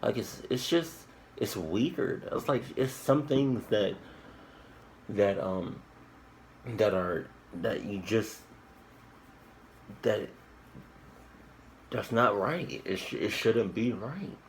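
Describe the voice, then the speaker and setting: A man with a low, gravelly voice talks slowly and loosely, circling around his point with crude jokes and false starts. It sounds like casual reaction commentary, with a faint hiss of noise behind him. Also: lively intonation, poor audio. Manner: rambling, crude jokes, frequent restarts and fillers. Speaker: reaction video host.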